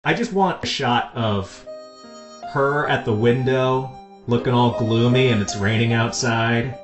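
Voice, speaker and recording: A man hosting a podcast in casual chat, enthusiastically pitching ideas. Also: a little slow, over music. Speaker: podcast host. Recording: echoey room.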